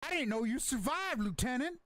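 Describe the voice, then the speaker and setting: Gruff military lieutenant barking orders at a raised pitch, done by a man running a tabletop game. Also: animated, normal speed, fairly bright tone, no room sound, clean studio sound. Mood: commanding. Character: gruff adult male military lieutenant, commanding.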